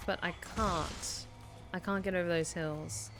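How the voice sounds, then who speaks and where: A woman's voice: on the low side, fairly even intonation, a little slow, over music. Woman streamer musing over gameplay. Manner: musing aloud, hesitant, lots of fillers. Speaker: game streamer. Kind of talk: casual gameplay commentary.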